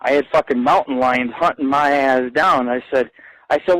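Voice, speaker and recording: A man rambles through a live radio monologue, swearing freely and boasting. His pitch sits in the middle, and he jumps higher and louder as the stories heat up. The recording is dry and close, with no room sound. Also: moderate pace, no echo, poor audio. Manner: profane, boastful storytelling; grows louder and higher when excited. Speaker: internet radio host.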